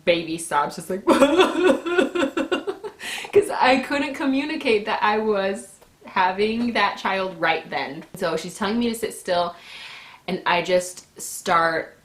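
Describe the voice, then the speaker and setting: A woman in her twenties telling a personal story in a casual, animated way, laughing often and acting out her own shouts. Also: mid-range voice, slow. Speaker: vlogger. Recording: echoey room with faint noise.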